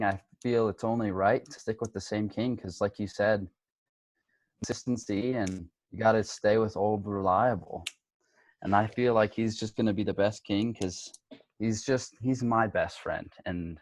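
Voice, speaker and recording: A man's voice: on the low side, darkish tone, dry recording, poor audio. A young man co-hosting a casual podcast in a laid-back, simple way. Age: young adult. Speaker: podcast co-host.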